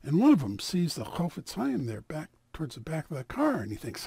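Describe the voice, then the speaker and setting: A man tells a story aloud in an animated, dramatic style, his pitch rising and falling widely. His voice is gravelly and husky, recorded dry and close. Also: a little fast, no echo. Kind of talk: oral storytelling.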